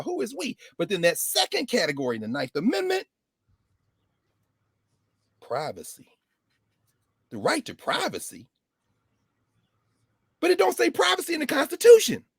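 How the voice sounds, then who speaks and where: Lively, husky-voiced man lecturing. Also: sits high, no room sound, studio quality. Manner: animated, sardonic, slips into mock voices. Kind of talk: civics lecture with comic asides.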